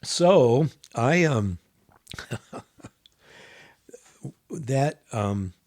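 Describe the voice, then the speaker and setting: A man's voice: mid-range voice, drawn-out words. A man telling a long personal story in casual conversation, acting out what others said and dropping to near whispers for asides. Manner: animated storyteller, acts out quoted voices. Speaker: guest.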